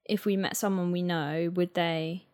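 A woman's voice: on the low side, fairly even intonation, measured pace, darkish tone. A woman co-hosting a podcast, chatting casually and using "like" a lot. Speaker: podcast co-host. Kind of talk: casual chat.

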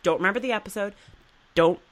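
A woman's voice: mid-range voice, quick pace, a bit bright. A woman co-hosting a podcast, chatting casually and animatedly retelling TV scenes. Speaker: podcast co-host. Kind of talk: casual chat.

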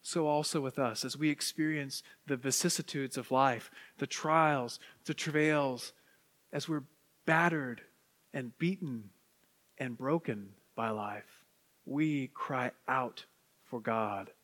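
A man, a priest, preaching a sermon with animated swings from hushed to exuberant. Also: mid-range voice, slow pace. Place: church sanctuary. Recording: long church reverb.

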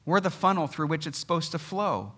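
A man in his thirties preaches in a church with a forceful, bright voice that sits a little high for a man. He tells his stories in a casual, chatty way and mixes in humor as he goes. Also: a little fast, breathy edge. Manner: animated, conversational storytelling with humor. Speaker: pastor. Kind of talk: sermon.

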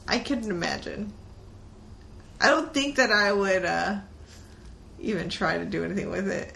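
A woman co-hosting a podcast in casual chat, animated and giggly, swearing casually. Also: medium pitch, normal speed, creaky. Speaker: podcast co-host.

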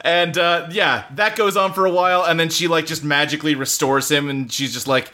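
A man's voice: fairly high pitch, fairly even intonation, a little fast, few pauses, bright, forceful tone. A man co-hosting a casual chat about games from his home office, speaking loosely with lots of fillers and the odd curse word. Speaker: podcast co-host. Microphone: desktop computer setup.

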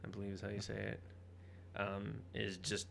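A man's voice: on the low side, completely flat delivery, moderate pace, creaky, a bit bright, a little hiss or hum. A man co-hosting a podcast, chatting casually about comic books in a rambling, profane, joking way. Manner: rambling, profane, jokey, bursts into mock voices. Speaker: podcast co-host. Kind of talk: casual comic book chat.

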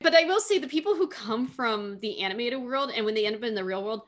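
A woman's voice: a little high, expressive, quick pace. A woman casually discussing a film, chatty and self-correcting, often laughing. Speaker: podcast co-host.

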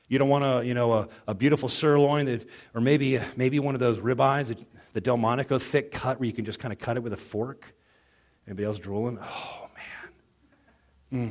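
A middle-aged man preaching to his congregation in a relaxed, conversational way. He moves through personal stories and plays out both sides of remembered conversations. His voice sits at an ordinary male pitch. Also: brisk. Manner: conversational storytelling with quoted dialogue. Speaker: pastor. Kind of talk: sermon.

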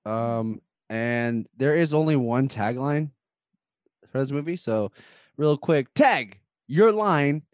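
A man's voice: medium pitch, takes it slowly, darkish tone, smooth, no room sound, clean studio sound. A man from the American South, co-hosting a casual movie podcast and joking around. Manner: joking, laughs often, improvises crude song. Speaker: podcast co-host. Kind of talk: casual chat.

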